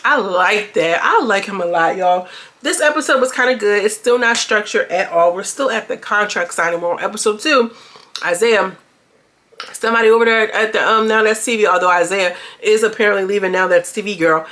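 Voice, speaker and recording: A woman's voice: mid-range voice, a little fast, a bit bright. A woman giving casual, slangy commentary on a reality show and talking straight to her viewers. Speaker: reality TV reviewer.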